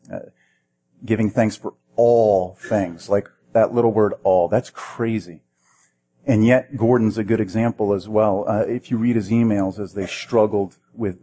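A man's voice: fairly low pitch, dark tone. A man preaching a sermon in a conversational way, asking the listeners questions and often repeating words as he restarts. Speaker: pastor.

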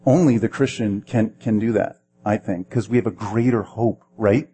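A man's voice: fairly low pitch, moderate pace, warm tone. A man preaching a sermon in a conversational way, asking the listeners questions and often repeating words as he restarts. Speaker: pastor.

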